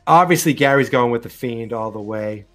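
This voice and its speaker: A man's voice: medium pitch, normal speed, a bit bright, soft background music. A man co-hosting a live stream, chatting loosely with ums and restarts. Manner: rambling, full of ums and restarts. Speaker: co-host of a live wrestling show. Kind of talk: casual chat.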